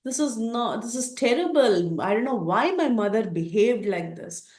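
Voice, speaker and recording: A woman's voice: fairly high pitch, lively intonation, normal speed, a little mellow, close to an everyday voice. A woman voicing an anguished young prince who pleads his innocence in a raised, urgent voice, recorded in a roomy space. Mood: pleading. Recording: roomy echo.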